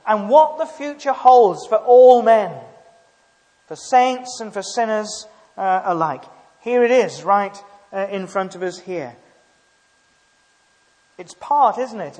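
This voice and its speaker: Male preacher with a high voice, emphatic with tag questions, recorded in an echoing hall. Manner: emphatic, rhetorical tag questions, frequent hesitations. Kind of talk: sermon.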